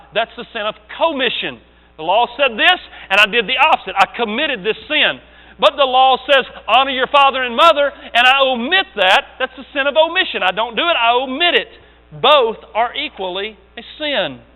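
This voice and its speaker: Male pastor, sermon, emphatic, high voice, tinny lo-fi sound, long reverb. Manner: emphatic, with sudden drops to quiet asides. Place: church sanctuary. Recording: tinny lo-fi church recording, long reverb, mains hum.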